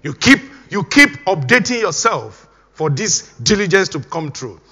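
A man's voice: sits high, very animated, unhurried, pushed and bright, husky. Middle-aged male pastor, emphatic sermon delivery, voice ringing through a long hall reverb. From Nigeria. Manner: emphatic, repeating exhortations.

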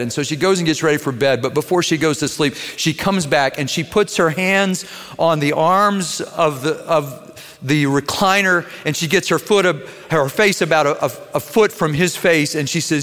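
A man preaching a sermon as a pastor, earnest, moving between quiet tenderness and raised intensity. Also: a little high, normal speed. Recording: long hall reverb.

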